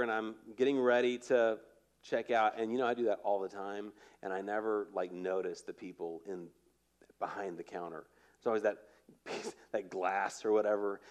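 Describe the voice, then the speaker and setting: A man preaching a conversational sermon as pastor, animated and often checking in with his listeners. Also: on the low side. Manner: animated, repeatedly asking "right?".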